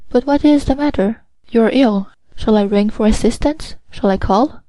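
An earnest young sailor, voiced by a woman reading the story aloud, speaks in a raised, pleading voice. The tone is mellow and the recording dry and close. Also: on the high side, normal speed, no room sound, natural voice, poor audio. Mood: anxious pleading. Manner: pleading, heightened.

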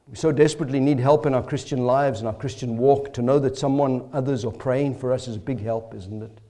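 A man's voice: on the high side, dark tone. A male preacher giving an expository sermon, earnest and emphatic, asking rhetorical questions.

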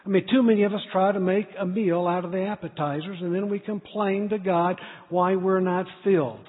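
High, husky-voiced male preacher. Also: fairly even intonation, brisk. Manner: storytelling, earnest, builds to loud emphasis. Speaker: pastor. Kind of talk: sermon. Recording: tinny echoey hall recording.

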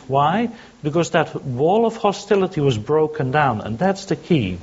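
A man's voice: a little high, expressive, measured pace, a little mellow, breathy edge, dull audio. A man preaching a sermon, teaching by asking questions and answering them himself. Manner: teaching, asks and answers his own questions.

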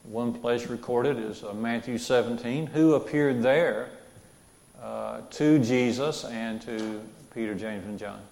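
A man with a gravelly, creaky voice teaches scripture verse by verse at an unhurried pace. He talks earnestly, repeats key phrases and puts questions to his listeners. The echoey room adds reverb to his voice. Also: medium pitch, a little mellow. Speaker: Bible teacher.

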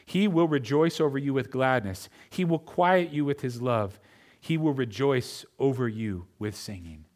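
A pastor preaching a sermon, speaking straight to his congregation and swinging between quiet, intimate lines and loud, emphatic ones. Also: mid-range voice. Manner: addresses the congregation directly.

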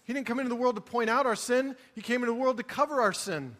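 A pastor with a high voice preaches an earnest, pleading sermon at a quick pace, sinking into quiet reflection before building to emphatic appeals. The long reverb of a large sanctuary fills the sound, with slight background noise.

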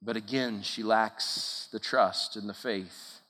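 Bright-voiced man preaching in a hall. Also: lowish voice, fairly even intonation, slow. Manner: emphatic, repetitive preaching cadence. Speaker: camp speaker. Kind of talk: sermon. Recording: long hall reverb.

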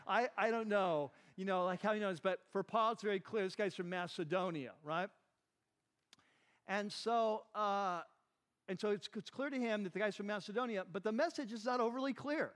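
A man with a high-pitched, somewhat bright voice speaks at a moderate pace while teaching the Bible. As the pastor of a Bible class, his sermon is conversational, full of questions to listeners and frequent "like" and "right."

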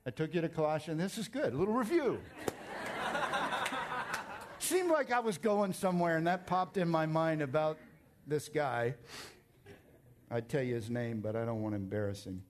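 A man's voice: on the high side, normal speed, long pauses, slight background noise. A man preaching a sermon as pastor, emphatic and conversational, telling stories and joking with his congregation. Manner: animated storytelling, emphatic.

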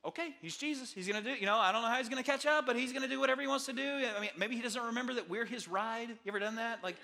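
A male pastor preaching a sermon, retelling a Bible story with animated asides and acted-out voices. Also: extremely high pitch, very fast, gravelly. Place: church sanctuary.

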